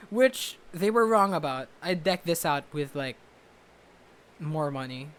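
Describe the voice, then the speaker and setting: A young man vlogging casually from his bedroom to a laptop camera, rambling loudly and poking fun at himself. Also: fairly high pitch, slow pace, pauses often. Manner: rambling, self-mocking, loud. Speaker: vlogger and musician. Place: bedroom at home. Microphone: webcam or laptop camera.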